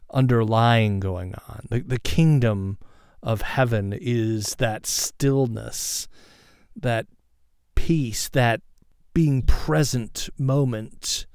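A man talks slowly and reflectively about faith, tagging his points with "right?" His voice is smooth but carries a gravelly edge, and the sound is close and dry. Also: medium pitch, no echo. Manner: thoughtful, with many restarts and "right?" tags. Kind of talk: reflective spiritual talk.

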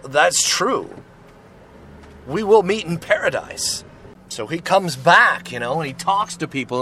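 A man's voice: a little high, fairly bright tone. A man giving an informal Christian testimony, earnest and rambling, with many restarts and frequent "right?" and "you know". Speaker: Christian speaker sharing testimony. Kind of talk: informal preaching with personal testimony. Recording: noisy street with passing cars.

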